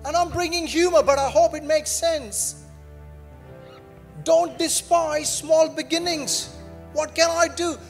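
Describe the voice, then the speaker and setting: A man's voice: very high-pitched, slow, vocal fry, pauses often, long reverb tail, soft background music. A man preaching a sermon as pastor to his congregation, emphatic and repetitive with frequent calls of "Amen" and humorous conversational asides. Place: church sanctuary.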